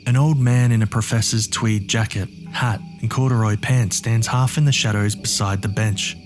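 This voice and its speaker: A man's voice: lowish voice, steady tone, moderate pace, over music. A man narrating a horror story in the first person with a gritty, streetwise delivery.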